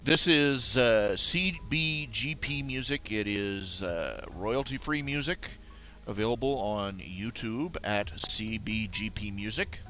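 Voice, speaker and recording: A man's voice: fairly low pitch, expressive, slow, bright, forceful tone. A man hosting a casual live stream by himself, rambling playfully with silly mock grammar and muttering to himself as he fiddles with settings.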